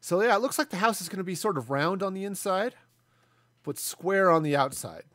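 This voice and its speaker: A man's voice: high voice, expressive, brisk, fairly bright tone, no room sound, clean studio sound. A man in his forties chatting casually and self-deprecatingly as he streams a building game. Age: 40s. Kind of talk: casual live gameplay commentary.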